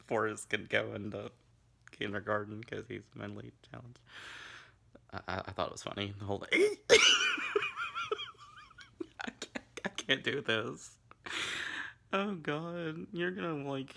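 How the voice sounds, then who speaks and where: A man's voice: on the low side, vocal fry, sharp tone. A man from Tennessee, hosting a camp, rambling, crude comic drinking-game video from his bedroom. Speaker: vlog host. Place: bedroom at home.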